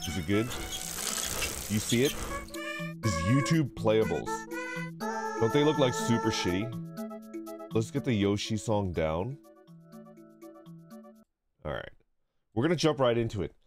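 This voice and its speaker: A man's voice: on the low side, expressive, takes it slowly, pauses often. A young man chatting casually on a livestream, swearing freely and reading chat aloud. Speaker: streamer. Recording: background music.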